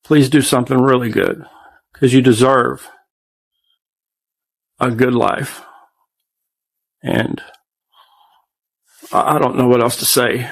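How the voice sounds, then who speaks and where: A man in his forties with a drawl and a gravelly, creaky voice, talking at a middle pitch. He speaks haltingly into a camera he set up himself, circling back and repeating his words. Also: fairly even intonation. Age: 40s. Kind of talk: recorded personal video message. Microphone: self-recorded camera.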